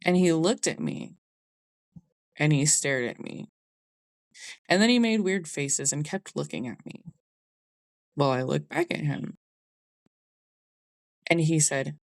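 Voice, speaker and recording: Telling a personal story on her podcast, a young woman speaks in a deep, expressive voice, taking her time and pausing often. She's candid and conversational, with a Southern "y'all," and the recording is dry.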